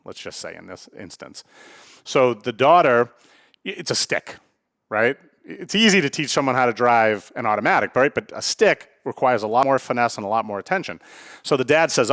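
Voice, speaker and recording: A man's voice: medium pitch, fairly bright tone, no echo, studio quality. A man hosting a solo podcast in a blunt, casual way, often tagging his sentences with a questioning "right?" and swearing freely. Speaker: podcast host.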